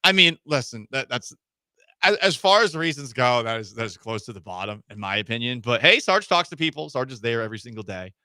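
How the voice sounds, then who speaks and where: A man hosting a casual sports talk radio show, joking and animated, with sudden emphatic jumps. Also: medium pitch, a little fast, clear, resonant tone, no echo, clean studio sound. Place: radio studio.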